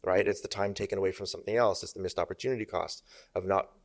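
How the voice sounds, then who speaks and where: A man's voice: deep voice, fairly even intonation, fast talker, gravelly. A middle-aged man from Canada, a business coach talking emphatically as a guest in a podcast studio interview. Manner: emphatic, uses sparring metaphors, asks "make sense?".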